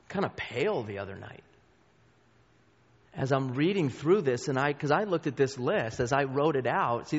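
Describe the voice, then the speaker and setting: A middle-aged man teaching a Bible study group, earnest and conversational, speaking straight to the listeners. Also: medium pitch. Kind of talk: church teaching talk. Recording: dull sound with long hall reverb.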